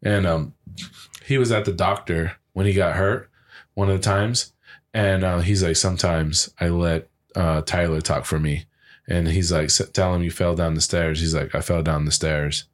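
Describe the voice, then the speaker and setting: A man's voice: low-pitched, steady tone, normal speed. A young man co-hosting a podcast, casually retelling movie scenes and acting out the lines with lots of fillers. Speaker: podcast co-host. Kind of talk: casual chat.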